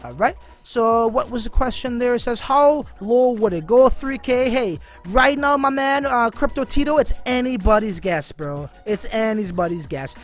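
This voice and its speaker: A man's voice: very high voice, normal speed, hardly any pauses, a bit bright, soft background music. A man hosting a casual live stream on crypto, chatting with viewers and reading their comments in a slangy style full of fillers. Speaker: crypto livestream host.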